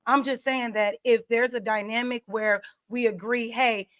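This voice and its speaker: A woman's voice: fairly high pitch, steady tone, fairly bright tone, no room sound, lo-fi sound. A woman on a panel over a video call, making her case step by step in a heated debate. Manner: measured, builds her point step by step.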